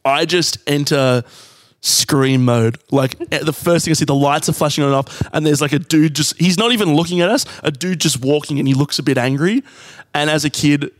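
A man's voice: fairly high pitch, fairly quick, no room sound, clean studio sound. A man with an Australian accent, co-hosting a podcast and telling a story in casual chat. He swears freely and acts out the voices in it. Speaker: podcast co-host.

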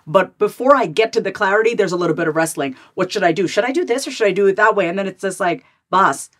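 Animated woman talking fast with many "like"s. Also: mid-range voice. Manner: animated, fast, many "like" fillers and repeated starts. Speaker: podcast guest, therapist and author. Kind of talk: candid conversational interview.

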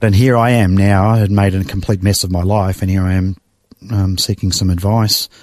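A middle-aged Australian man telling his life story in a conversation, emotional and reflective, pausing and sighing as he goes. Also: low voice, flat delivery, darkish tone, no echo, clean studio sound. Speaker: guest. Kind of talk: personal testimony in conversation.

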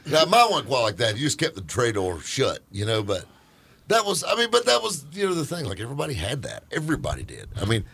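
A man in his forties tells old car stories in loose, casual chat. His voice is husky and rises and falls a lot as he talks, and he laughs often. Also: fast. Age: 40s. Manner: animated storyteller, lively pitch, laughs often.

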